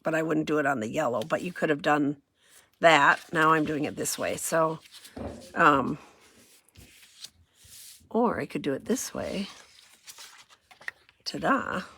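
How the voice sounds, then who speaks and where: A woman's voice: sits low, lively intonation, a little slow, gravelly, pauses often, sharp tone, husky. A woman running a casual crafting demo, chatty and self-deprecating, thinking aloud as she works. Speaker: craft demonstrator.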